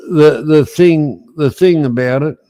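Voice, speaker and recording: Male host, casual chat, teasing, halting delivery with many restarts. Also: on the high side, warm tone.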